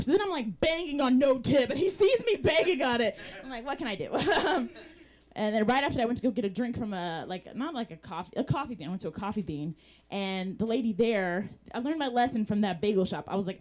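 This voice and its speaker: A woman hosting an open mic, chatty and quick to laugh. Her voice is pitched a little high and swings widely up and down. She keeps things loose between acts. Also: darkish tone. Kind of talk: stand-up and hosting.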